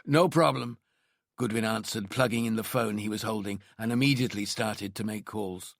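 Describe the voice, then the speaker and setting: Gravelly male audiobook narrator. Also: steady tone, a little fast, no room sound, clean studio sound. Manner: low, understated narration. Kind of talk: scripted narration.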